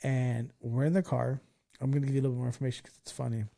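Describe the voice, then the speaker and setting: A man in his thirties hosting a podcast, telling a story in casual chat, animated, laughing and swearing freely. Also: medium pitch, rapid-fire, vocal fry. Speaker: podcast host.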